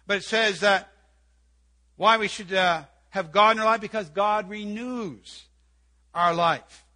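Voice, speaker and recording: A man's voice: sits high, sharp tone. An older man preaching an earnest sermon in church, repeating key phrases and quoting scripture. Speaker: pastor.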